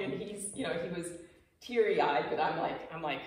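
A woman's voice: medium pitch, expressive, moderate pace, a little mellow. A woman in her fifties giving a personal, emotional talk to a small audience, acting out quoted dialogue as she goes. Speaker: speaker giving a presentation. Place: apartment clubhouse room. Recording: echoey room, mic far off.

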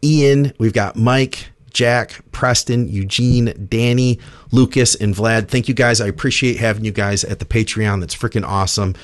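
A man hosting a casual podcast, reading sponsor plugs and shout-outs in a loose, relaxed way with plenty of fillers. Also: mid-range voice, normal speed, no echo. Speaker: podcast host.

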